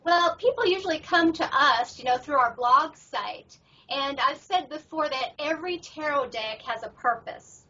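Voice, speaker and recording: Bright high-voiced middle-aged woman, muffled. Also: expressive, moderate pace. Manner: chatty, upbeat storytelling. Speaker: professional tarot reader guest. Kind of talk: casual interview chat. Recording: muffled audio from far off the mic.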